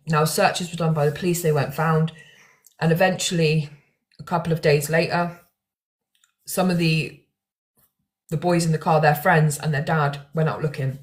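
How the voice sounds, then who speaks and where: A young woman talking to camera about true crime, emotional and rambling, with restarts and fillers. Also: low-pitched. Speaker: true crime content creator. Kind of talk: casual talk to camera.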